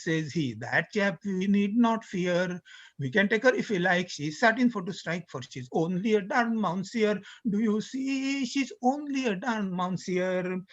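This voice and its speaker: A man reciting the lines of a boastful, uneducated old-time British sailor in a slow, half-sung lilt, on a dull lo-fi recording. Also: sits high.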